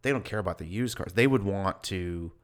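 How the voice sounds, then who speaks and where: A male podcast co-host chats in an easygoing way, his voice on the low side and his pace a little fast. He rambles while thinking aloud, hedging and piling up filler words.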